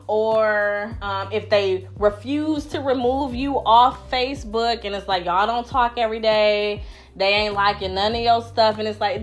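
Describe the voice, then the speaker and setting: A young woman talking casually on a podcast about friendships, loud and blunt, swearing freely and acting out what others say. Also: on the high side. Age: young adult. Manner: loud, blunt, profane, animated storytelling. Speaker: podcast panelist. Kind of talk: casual chat.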